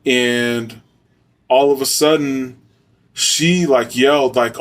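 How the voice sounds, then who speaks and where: A man's voice: mid-range voice, steady tone, takes it slowly, recorded from a distance. Slangy, profane man telling a story. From Arizona, US. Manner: loose, slangy and profane, with frequent fillers. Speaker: storyteller, former soldier. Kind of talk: casual spoken storytelling.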